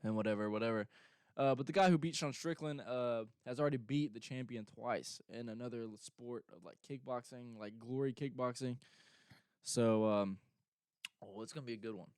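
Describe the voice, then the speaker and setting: A man's voice: medium pitch, moderate pace, a little mellow, clear, resonant tone, dry recording, clean studio sound. A young man hosting a casual show, rambling through events with lots of fillers and mocking quotes. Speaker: show host. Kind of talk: casual chat.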